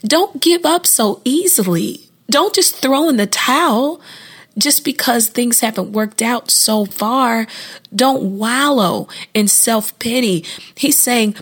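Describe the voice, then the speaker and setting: A woman hosting a devotional podcast, talking in an earnest, conversational way with sudden jumps in pitch, frequent laughs and restarted phrases. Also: takes it slowly, fairly bright tone, slightly rough. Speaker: podcast host and devotional speaker. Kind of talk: informal devotional talk.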